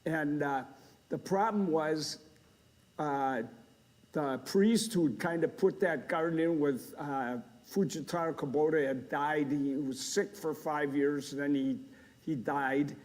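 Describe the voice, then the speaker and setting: An older man speaks on stage with a somewhat high voice. He tells his stories with great animation, voicing the sound effects and laughing along with the crowd. He is a gardening speaker in a humorous live talk. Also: slow, a little mellow. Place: lecture hall before a live audience.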